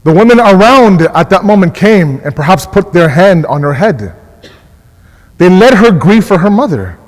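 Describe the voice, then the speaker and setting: High-voiced man giving a mournful sermon. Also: big pitch swings, big-room sound, low-quality recording. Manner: impassioned, repeats words, slows for emphasis. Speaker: religious scholar. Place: mosque hall.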